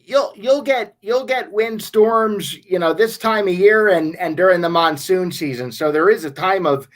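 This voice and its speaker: A man from the Las Vegas area hosting a casual sports show, his voice pitched high for a man. He talks in a halting way, stammering over restarts and filling pauses with "you know.".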